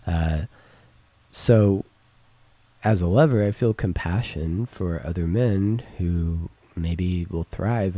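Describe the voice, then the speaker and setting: Middle aged guy rambling on his own show, husky and kinda dark sounding, keeps saying right?. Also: deep voice, no echo. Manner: rambling, lots of fillers and "right?". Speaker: podcast host. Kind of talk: casual reflective monologue. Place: home recording setup. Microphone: studio microphone with interface.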